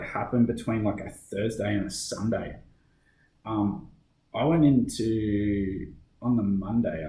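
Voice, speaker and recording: A man's voice: on the low side, mellow, reverberant, poor audio. A middle-aged Australian police officer with an Australian accent, telling his story in a casual podcast interview, full of fillers and restarts.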